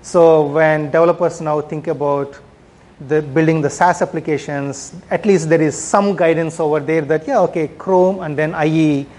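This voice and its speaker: Fairly high in pitch and a little mellow, the man's voice keeps a fairly even intonation at normal speed. His conference talk on product management is chatty, dotted with fillers and frequent "right?" tags.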